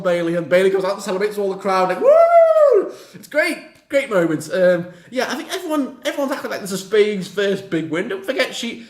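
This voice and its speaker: A young man, chatting casually and excitably, swearing as he reacts. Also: sits high, echoey room. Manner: excitable, swears, mocks and acts out the wrestlers in little quips. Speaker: reaction vlogger. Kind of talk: casual chat.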